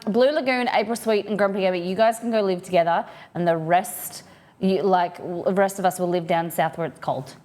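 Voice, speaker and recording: An Australian woman livestreaming from her home office, chatting casually and rambling as she reads out viewers' messages. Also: medium pitch.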